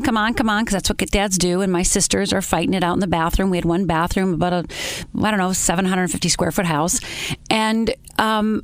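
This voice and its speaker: A woman interview guest telling her personal story in an earnest, halting way, with many pauses. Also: medium pitch, no room sound.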